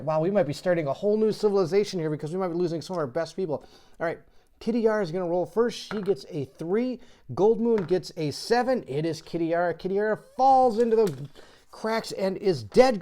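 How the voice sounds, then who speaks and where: A chatty host talks through a solo board game, reading rule cards aloud and puzzling over choices. The voice is mellow and warm, with frequent laughter and bursts of excitement. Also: medium pitch. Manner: laughs often and gets excitable. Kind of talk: casual solo board game playthrough commentary.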